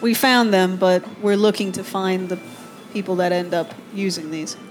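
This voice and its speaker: A woman's voice: fairly low pitch, fairly even intonation, moderate pace, soft background music. A woman playing a tabletop game, describing her character's actions in first person. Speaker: player.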